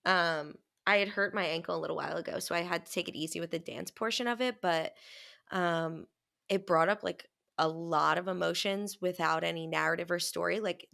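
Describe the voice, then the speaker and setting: A woman with a gravelly, fry-heavy voice hosts a casual podcast chat. She tells stories with a lot of energy and acts out her own lines along the way. She swears freely. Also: lowish voice, fairly bright tone. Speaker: podcast co-host.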